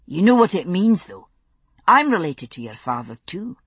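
A woman's voice: lowish voice, sing-song, normal speed, husky, no room sound, heavily acted. A woman voicing a firm, tender lover. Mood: sleepy, musing. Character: young man, tender, stubborn, reassuring lover.

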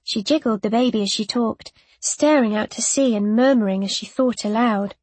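A woman narrating a first-person story in a measured, tense way. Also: fairly high pitch, darkish tone, husky, no echo. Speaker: audiobook narrator.

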